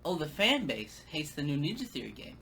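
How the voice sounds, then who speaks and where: Male commentator, sarcastic and halting, faint background hum. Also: a little high, creaky, pushed and bright. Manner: sarcastic, stammering, repeating words. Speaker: video commentator.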